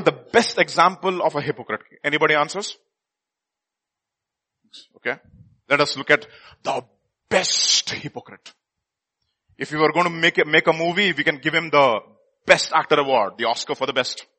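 A male preacher with a high, bright voice that has a husky edge. He delivers his sermon with animated swings from loud bursts down to hushed near-whispers, acting out the scripture as he reads. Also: normal speed, long pauses.

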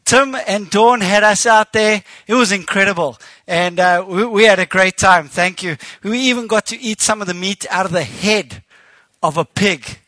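A man's voice: sits high, moderate pace, pushed and bright, no room sound. A man with a South African accent preaching as a guest speaker, telling stories with animation and acting out quoted speech. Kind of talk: sermon. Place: church.

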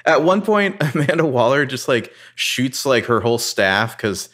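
A man's voice: medium pitch, sing-song, normal speed, fairly bright tone. A man in casual podcast chat, sounding incredulous and exasperated and swearing freely.

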